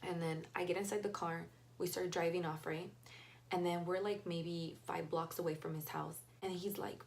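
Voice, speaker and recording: A woman's voice: on the low side, fairly even intonation, moderate pace, darkish tone, a little hiss or hum. A young woman retelling a story in a casual, blunt and profane way, acting out the dialogue. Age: young adult. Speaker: vlogger.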